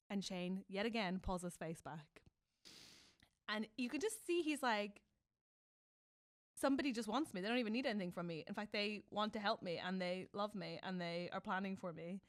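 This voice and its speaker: A woman co-hosting a podcast, chatting casually and animatedly about a TV show, swinging from loud excitement to soft, tender quoting. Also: medium pitch, dry recording, studio quality. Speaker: podcast co-host. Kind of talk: casual chat recapping a TV show.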